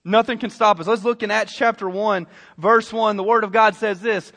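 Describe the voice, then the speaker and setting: Preacher guy, voice sits high, rises loud then goes quiet, big echoey sanctuary. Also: steady tone, normal speed. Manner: storytelling, swells loud then drops soft. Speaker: pastor. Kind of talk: sermon. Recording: reverberant hall.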